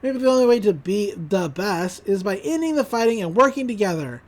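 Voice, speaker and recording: A woman's voice: medium pitch, animated, fairly quick, a little mellow, close to an everyday voice. A woman quoting a cheerful but indignant teenage girl, speaking in an emphatic, exasperated way. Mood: earnest.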